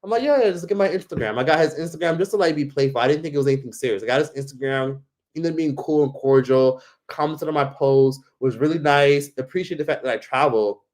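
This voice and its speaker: A man tells a story in a loose, rambling style, filling his talk with fillers and swearing. His voice sits at a medium pitch. He speaks casually, as a travel vlogger. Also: fairly even intonation, quick pace, darkish tone. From United States. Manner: rambling, heavy on fillers and profanity.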